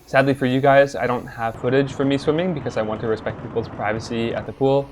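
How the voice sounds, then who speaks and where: A young man narrates his own vlog in an easygoing, chatty voice of ordinary pitch. He talks casually and chuckles lightly from time to time. Faint noise sits behind him. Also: fairly even intonation, fast. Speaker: vlogger, triathlete.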